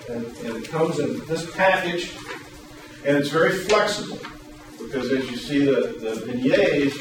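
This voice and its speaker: A male workshop presenter telling a story in a lively way, then explaining a program, recorded from a distance in a large room. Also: medium pitch. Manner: animated storyteller, loud acted quotes. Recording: echoey hall, distant mic, room noise.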